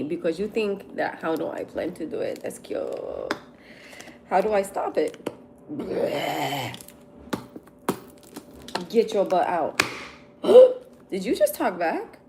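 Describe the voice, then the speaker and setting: A woman's voice: on the low side, noisy background. A woman hosting a casual livestream from her table at home, eating and reading viewer comments aloud, laughing often and answering them bluntly. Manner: laughs often and talks between bites. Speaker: livestream host.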